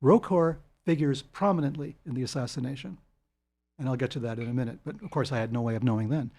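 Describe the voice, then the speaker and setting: An older man, telling long anecdotes as a guest in an interview, animated and chuckling. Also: mid-range voice, quick pace. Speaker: guest author. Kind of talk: storytelling interview.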